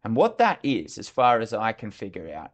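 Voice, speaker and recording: A man's voice: fairly low pitch, wildly swooping pitch, moderate pace. A middle-aged Australian man, a leadership consultant, telling candid, reflective stories as a podcast guest. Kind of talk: podcast interview storytelling.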